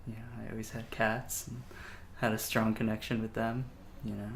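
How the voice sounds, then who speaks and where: A man's voice: lowish voice, monotone, moderate pace, gravelly, slight background noise. A man rambling in a mockumentary interview, filling his talk with "you know".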